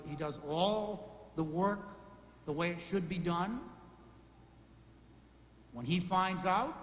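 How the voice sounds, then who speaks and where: A man's voice: on the high side, slight background noise. A male priest giving a sermon, stacking short emphatic lists and rhetorical questions. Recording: echoey hall reverb, faint ambience.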